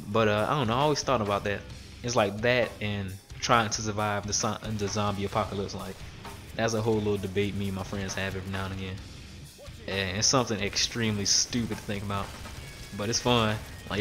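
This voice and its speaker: Rambling young man with a low voice. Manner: rambling, profane, animated when quoting others. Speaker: gaming video host. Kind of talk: casual let's-play commentary.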